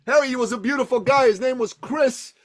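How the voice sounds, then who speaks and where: A high-voiced man talks business as a podcast guest, punching his points with repeated words. His delivery is lively and emphatic, and his voice stays high and light throughout. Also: a little fast. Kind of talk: energetic storytelling advice.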